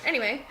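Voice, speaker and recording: A woman's voice: fairly high pitch, fairly bright tone, low-quality recording. A woman chatting in a bubbly, giggly way, telling funny stories. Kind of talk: casual comedic chat.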